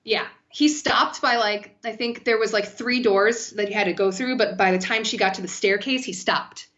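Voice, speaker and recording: Woman guest, mid pitch, chatty storyteller with a lot of swearing, slightly muffled sound. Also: moderate pace. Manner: animated, profane, lots of "like". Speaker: podcast guest. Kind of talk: casual storytelling.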